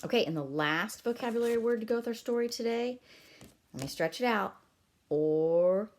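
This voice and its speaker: A woman teacher reading a picture book aloud to young children, gently stretching out words for them to guess. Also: fairly high pitch, lively intonation, fairly quick. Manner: gentle, encouraging classroom tone.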